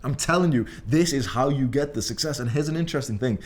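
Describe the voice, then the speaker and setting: A young English man with a Liverpool accent, a self-improvement creator, delivers a brash motivational monologue to camera. He speaks quickly in a medium-pitched voice and swears constantly and emphatically.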